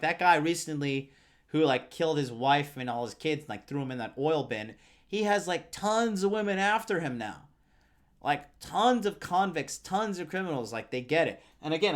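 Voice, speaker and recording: Profane young man telling a bar story. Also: a little high. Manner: profane, rambling, filler-heavy; reads out viewer comments. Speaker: dating coach host. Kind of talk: casual storytelling and advice.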